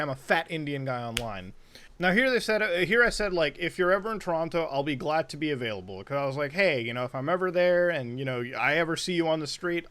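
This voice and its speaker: A man's voice: a little high, a bit bright. A young man giving casual commentary as a video host, reading old messages aloud in a blunt, sarcastic way and swearing freely. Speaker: YouTube commentator.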